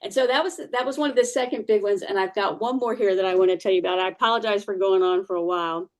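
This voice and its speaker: A woman's voice: mid-range voice, fast talker. A woman giving a personal testimony in church, telling her story casually, with many fillers and restarts.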